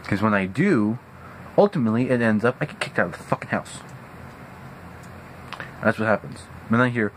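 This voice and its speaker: Profane young man ranting, lively pitch. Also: fast talker, long pauses, a little hiss or hum, low-quality recording. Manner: angry, profane, animated. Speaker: vlogger. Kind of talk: venting rant. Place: at home indoors.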